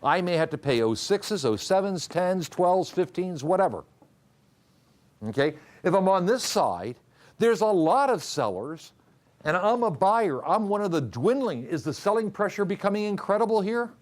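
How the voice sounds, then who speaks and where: A man's voice: high voice, sing-song, normal speed. A man teaching a trading class, quizzing students and repeating key rules. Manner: questions the class and drills answers. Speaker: trading instructor. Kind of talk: classroom lecture.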